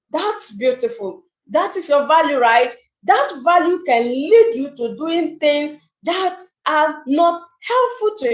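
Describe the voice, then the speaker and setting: A woman giving a motivational talk to viewers, animated and acting out the people she describes. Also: high-pitched. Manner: animated, acts out imagined people. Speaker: motivational speaker. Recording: roomy echo.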